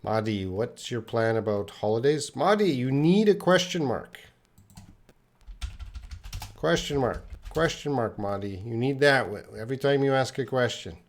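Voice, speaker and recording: A tired-sounding man teaches English in a live online lesson, reading chat questions aloud and patiently correcting them. He speaks slowly and clearly for learners in an animated, mid-range voice.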